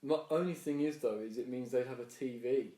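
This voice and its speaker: A man's voice: medium pitch, brisk, mellow, recorded from a distance. A young man co-hosting a podcast, making dry, teasing quips in casual banter. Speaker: podcast co-host. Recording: roomy recording, off the mic.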